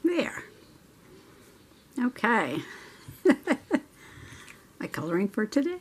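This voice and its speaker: A woman's voice: a little high, big pitch swings, very slow, a little hiss or hum. A middle-aged woman hosting a journaling video, telling a chatty story while she colors, laughing often. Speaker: journaling channel host. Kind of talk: casual crafting chat while coloring.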